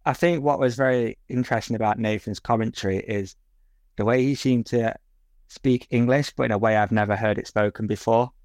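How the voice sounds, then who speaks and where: A man's voice: mid-range voice, fairly quick, darkish tone, dry recording. A man co-hosting a casual sports podcast with a dry, joking manner. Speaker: podcast co-host. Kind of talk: casual chat.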